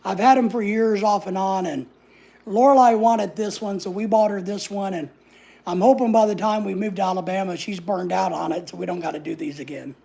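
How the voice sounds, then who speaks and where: Sassy, gravelly woman. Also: medium pitch, steady tone, a little fast, mellow. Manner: sassy, blunt, swears freely, acts out other people's lines. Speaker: vlogger. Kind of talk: casual storytelling.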